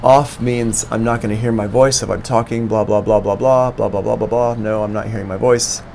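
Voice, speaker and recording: A man's voice: on the low side, fairly even intonation, normal speed, gravelly, a little mellow. A man giving a live-streamed music production lesson, explaining steps on screen one by one into a studio microphone. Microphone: studio microphone plugged into an interface.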